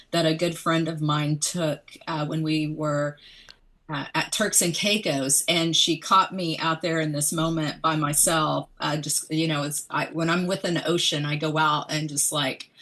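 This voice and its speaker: A woman's voice: deep voice, steady tone, a little slow, a bit bright. A woman, an author being interviewed about her memoir, speaking in a thoughtful, musing way. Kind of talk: reflective interview conversation.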